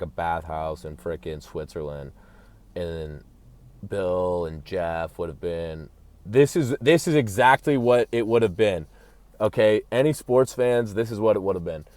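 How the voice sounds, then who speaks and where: Comic ranter, male, lowish voice, dry close sound; profane, rambling, third-person self-talk. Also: darkish tone, no room sound. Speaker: comedic commentator. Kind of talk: manic comedic rant.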